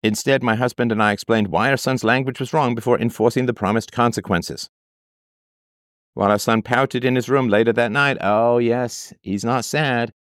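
A man's voice: medium pitch, fairly even intonation, fairly quick, fairly bright tone, no echo, studio quality. Sarcastic man ranting dryly. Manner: sarcastic, emphatic, repeats phrases for effect. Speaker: commentator reading and reacting to a text. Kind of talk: reading aloud and ranting commentary.

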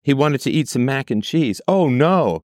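Expressive and medium in pitch, a man hosts a commentary at a normal pace, reacting to a letter sent in by a parent. He reads it aloud, contests it with rhetorical questions, and mocks the quoted voices. The clean studio sound has no echo.

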